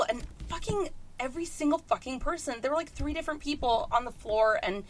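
A woman tells a comic story in loose podcast chat, exasperated and swearing freely as she laughs through it. Her voice sits a little high. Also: animated, normal speed. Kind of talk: casual comedic storytelling.

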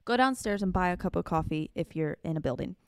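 A woman's voice: lowish voice, lively intonation, fast, clear, resonant tone, no echo, clean studio sound. A woman pastor co-hosting a church livestream in a playful, chatty way. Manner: playful and chatty, laughs often. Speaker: pastor and co-host. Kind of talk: casual chat.

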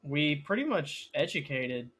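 A man's voice: a little high, big pitch swings, measured pace, fairly bright tone, slightly rough. A young man co-hosting a podcast, chatting casually and chiming in with short remarks. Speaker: podcast co-host. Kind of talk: casual chat.

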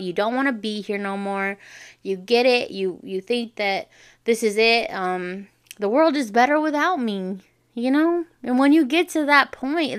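Candid young woman with a smooth voice. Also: mid-range voice, a bit bright. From Navajo Nation. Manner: candid, heartfelt, talks straight to listeners. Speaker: podcast host. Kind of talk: casual podcast monologue.

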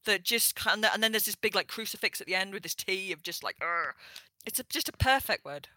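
A chatty woman from northern England with a bright, forceful voice, talking animatedly and playfully as a guest. The sound is dry and close, with no room around it. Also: mid-range voice, animated, fast, no room sound. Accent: northern English. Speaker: guest sex historian. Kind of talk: casual interview chat. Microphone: remote call.

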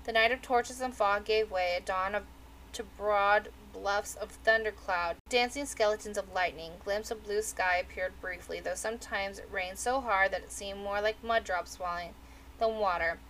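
A woman narrating a novel aloud in a steady, measured reading. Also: medium pitch, slight background noise, rough recording. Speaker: audiobook reader. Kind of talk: storybook narration.

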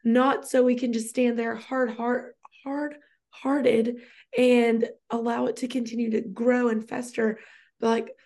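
Co-host, woman in her thirties, fairly high voice with a gravelly fry, tearful and chatty. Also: flat delivery, a little slow, a little mellow. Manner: emotional, chatty, many fillers. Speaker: podcast co-host. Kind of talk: casual faith conversation.

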